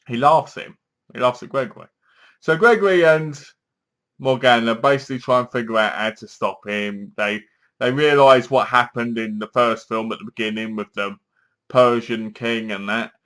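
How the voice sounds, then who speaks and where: Man, middle pitch, casual film reviewer who rambles and acts out scenes. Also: moderate pace, fairly bright tone, smooth. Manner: rambling, acts out the characters' lines.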